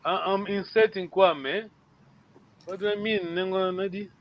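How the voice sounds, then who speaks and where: A man teaching a language class online, patient, often checking understanding with a quick question. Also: high voice, fairly even intonation, dull audio, slight background noise.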